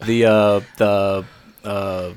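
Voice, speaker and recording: A man co-hosting a podcast, telling a story in a lively, swearing, filler-heavy way. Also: on the low side, extremely slow, clean tone, no echo. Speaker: podcast co-host. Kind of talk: casual podcast chat.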